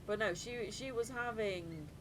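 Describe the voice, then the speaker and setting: A woman's voice: on the high side, a little slow. A woman streamer telling stories in casual chat, laughing often and acting out other people. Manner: laughs often, animated storytelling with voiced impressions. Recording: live stream with clear background noise.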